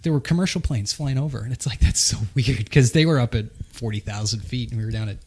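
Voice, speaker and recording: A man's voice: mid-range voice, quick pace. A man with a Boston accent hosting a casual chat, telling a story with a rambling, profane manner and many restarts. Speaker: podcast host.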